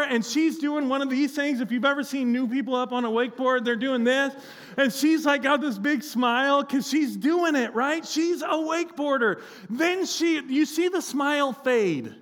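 A man preaching a sermon as pastor, telling a story with lively acted-out quotes. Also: very high-pitched, a little slow.

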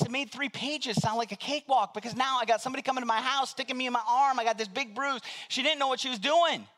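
A man's voice: extremely high pitch, fast, few pauses, sharp tone. A man preaching to an audience, telling a self-mocking story and acting out both sides of the dialogue. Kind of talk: storytelling sermon.

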